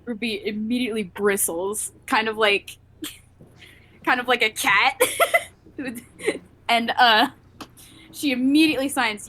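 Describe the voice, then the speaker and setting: A woman player with a fairly high voice describes her character's actions in a tabletop game. She talks hesitantly, fills her sentences with "kind of" and "like", and giggles often. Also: fairly even intonation, takes it slowly, long pauses, sharp tone. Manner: giggly, hesitant, lots of 'kind of' and 'like'. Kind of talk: tabletop role-play.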